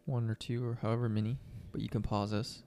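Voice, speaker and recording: A young man co-hosts a podcast, speaking fast in a fairly low voice. He chats in a relaxed, rambling way with fillers and reads news articles aloud.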